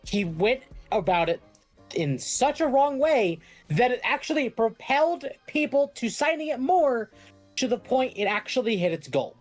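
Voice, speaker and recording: A woman's voice: fairly high pitch, sing-song, normal speed, faint music behind. A woman hosting a live stream, recapping recent events in an emphatic way. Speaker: stream host.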